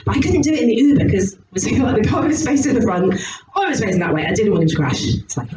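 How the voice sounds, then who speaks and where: Woman doing stand-up, high animated voice, laughs a lot, rude jokes, echoey club, far from the mic. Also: fast. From Somerset, England. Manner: animated, giggly, crude storytelling. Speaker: stand-up comedian. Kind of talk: stand-up comedy set. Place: comedy club stage. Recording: echoey club from a distance with noise.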